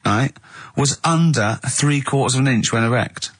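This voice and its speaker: A man hosting a radio show, bantering with bursts of laughter and shouted outbursts, in a studio. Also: medium pitch, moderate pace, slightly rough. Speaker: radio host.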